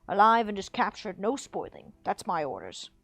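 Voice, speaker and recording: Brutish male orc captain, growling, domineering, loud, a woman doing the voice. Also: mid-range voice, very animated, normal speed, no room sound, faint music behind. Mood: commanding. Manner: growling, barking commands. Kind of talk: reading a book aloud on a livestream.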